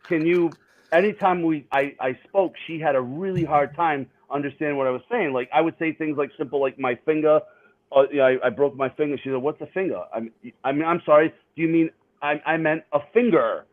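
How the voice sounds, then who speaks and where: A man's voice: on the high side, fairly quick, narrow, tinny audio. A man with a thick Boston accent, a guest telling laughing, self-mocking stories in casual chat. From Boston area.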